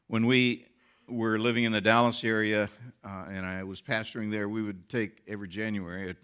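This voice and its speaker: A man's voice: fairly low pitch, flat delivery, fairly quick, fairly bright tone, clear, resonant tone. A man who is a pastor, preaching a sermon with earnest rising emphasis.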